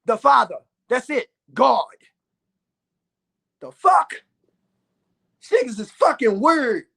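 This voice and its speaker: A man in his thirties delivering a loud, profane ranting monologue to his viewers, with bursts of shouting. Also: extremely high pitch, very animated, slow, gravelly, husky. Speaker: vlogger.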